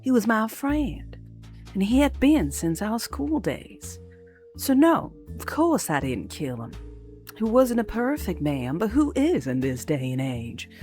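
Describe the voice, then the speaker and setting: A woman voicing a brisk, worldly female lawyer who sounds dry and guarded. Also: mid-range voice, very animated, darkish tone, soft background music, pitched above the performer's own voice.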